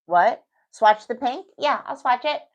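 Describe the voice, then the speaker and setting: A woman's voice: a little high, lively intonation, unhurried, muffled recording. A middle-aged woman with a New York accent, chatting casually and reassuringly as she demonstrates a nail technique while thinking aloud. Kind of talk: casual tutorial talk.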